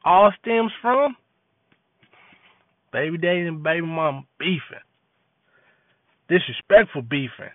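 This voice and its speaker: A man's voice: fairly high pitch, expressive, a little slow, long pauses, dry recording. Preachy man on a tinny line. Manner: preachy, repetitive, street slang. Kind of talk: impassioned monologue. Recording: tinny phone-like dry audio.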